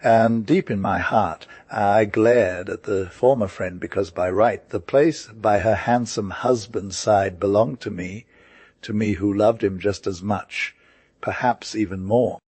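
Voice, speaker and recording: A man voicing a grief-stricken, remorseful older stepmother in an audiobook, in a low, dry voice. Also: measured pace, darkish tone, husky, dry recording. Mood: tearful. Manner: emotional, pleading. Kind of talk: audiobook character reading.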